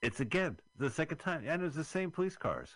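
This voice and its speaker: A man's voice: fairly high pitch, sing-song, a little fast, a bit bright, no echo, poor audio. A man hosting a radio show, giving joking, wry running commentary on a movie with some swearing, in a casual chat style.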